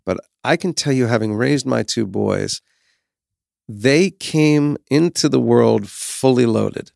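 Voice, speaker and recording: A very gravelly man in his fifties speaks with frank, reflective candor and an occasional curse. His voice sits at a middle pitch. It comes through a close mic in a dry, dead room. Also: slow pace, darkish tone, dry recording. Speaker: guest. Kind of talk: candid conversational storytelling.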